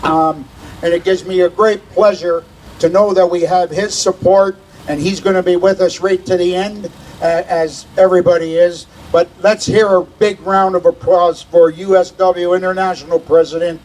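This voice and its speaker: A hoarse man acting as rally emcee, shouting chants and then introducing the next speaker haltingly with many fillers. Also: high voice, steady tone. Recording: noisy outdoor crowd recording.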